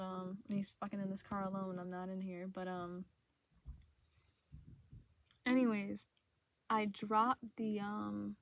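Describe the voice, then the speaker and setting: A woman in an emotional confessional vlog, tearful and choked up, talking in halting bursts, repeating herself and swearing. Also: medium pitch. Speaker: vlogger. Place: inside a parked car.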